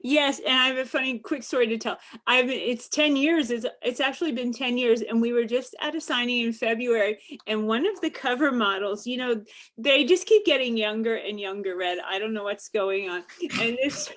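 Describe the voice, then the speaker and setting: Animated laughing woman author. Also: a little high, normal speed. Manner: animated storyteller, laughs often, mock outrage. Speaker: romance author guest. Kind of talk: casual chat.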